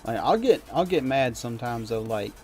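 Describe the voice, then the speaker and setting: A man's voice: mid-range voice, lively intonation, moderate pace, a little mellow, soft background music. A young man chatting casually on a game stream, rambling and swearing freely as he rants. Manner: profane, rambling, heats up when ranting. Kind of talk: casual live-stream chat while gaming.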